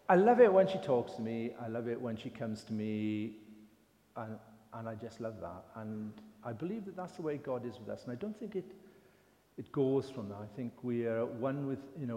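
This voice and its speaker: This lay preacher, an older man with an English accent, has a sharp tone at a medium pitch. He chats his way through a story in an informal sermon, poking fun at himself, while the hall echoes noticeably.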